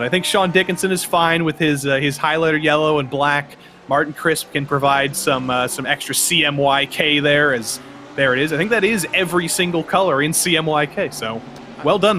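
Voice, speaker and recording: A man's voice: on the high side, pushed and bright. A man giving color commentary on a sim race, chatty and playful, drifting into tangents. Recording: background race car noise.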